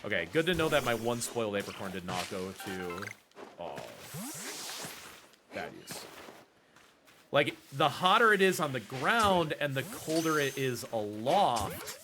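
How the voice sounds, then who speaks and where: Over music, a very animated man talks a little slowly in a mid-range voice, explaining his game routing at length during a live speedrun. His accent is American Pacific Northwest, and his casual stream commentary includes fillers and self-corrections.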